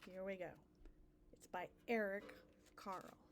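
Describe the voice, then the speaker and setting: A woman speech teacher reading a picture book aloud to children, slow and deliberate, stressing target sounds. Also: mid-range voice, steady tone, slight background noise.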